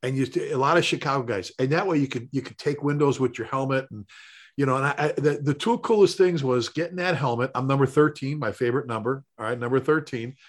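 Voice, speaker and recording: A middle-aged man, a firefighter and paramedic, telling rambling, animated stories in casual conversation. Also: medium pitch, quick pace. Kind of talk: conversational storytelling.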